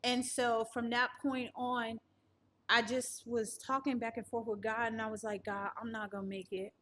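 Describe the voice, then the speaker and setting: High-voiced woman giving earnest testimony. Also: level tone, moderate pace, a bit bright. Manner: earnest storytelling that acts out others' words. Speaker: guest sharing a survival testimony. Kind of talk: personal testimony interview.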